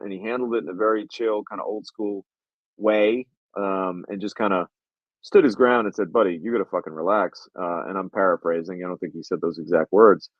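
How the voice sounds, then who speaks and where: A man's voice: fairly low pitch, no echo, lo-fi sound. Man telling a story, casual and profane. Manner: animated, profane, acts out quotes. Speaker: podcast host, filmmaker.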